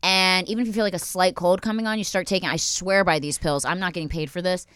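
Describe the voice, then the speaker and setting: Profane, animated woman podcast host. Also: on the low side, fast, clean tone, no room sound, studio quality. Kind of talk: casual chat.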